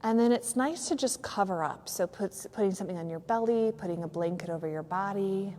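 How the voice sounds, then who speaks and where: A woman yoga teacher gently and slowly guiding a yoga nidra relaxation in a studio, with a few fillers. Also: mid-range voice, big-room sound, slight background noise. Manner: soft, slow, soothing guidance with some fillers. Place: yoga studio on a cold evening.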